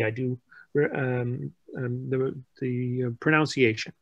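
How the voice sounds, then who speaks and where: A man's voice: mid-range voice, fairly even intonation, slow pace, gravelly, no echo, dull audio. An American man co-hosting a casual podcast chat, laughing easily and restarting his sentences. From United States. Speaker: podcast co-host.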